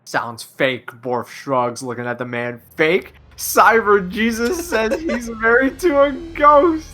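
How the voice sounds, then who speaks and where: A man playing a streamed story game, reading his turns and making quick, playful wordplay with friends. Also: sits high, expressive, sharp tone.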